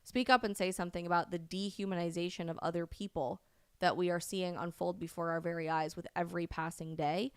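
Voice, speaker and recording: A woman hosting a live stream, delivering impassioned commentary that rises to loud, indignant peaks. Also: lowish voice, level tone, brisk, clean tone, dry recording. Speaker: host of a live stream show.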